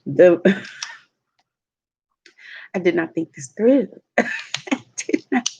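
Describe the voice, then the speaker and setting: A woman, a mother, telling stories in a relaxed, chatty way while eating on a livestream vlog. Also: lowish voice, creaky, husky, lo-fi sound. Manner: slow, chatty storytelling with laughs. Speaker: mukbang vlogger. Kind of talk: casual chat while eating. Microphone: livestream mic.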